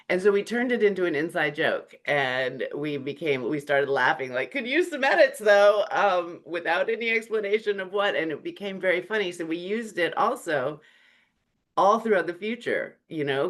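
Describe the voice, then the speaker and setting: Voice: medium pitch, fairly bright tone. Storytelling webinar speaker on a video call. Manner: storytelling, acting out quoted remarks; frequent "um" fillers. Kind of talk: presentation on humor in leadership.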